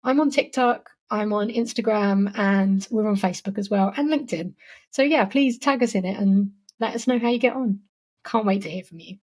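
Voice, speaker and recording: On her solo podcast, this host speaks at a medium pitch and moderate pace in a darkish tone. She gives upbeat, conversational marketing tips, often saying "like" and "you know."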